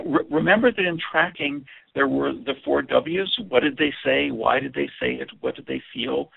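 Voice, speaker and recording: A communication teacher with a deeply gravelly, husky voice gives an earnest lesson, his pitch swinging widely to stress points. He often repeats words, and the audio sounds thin and tinny, like a phone call.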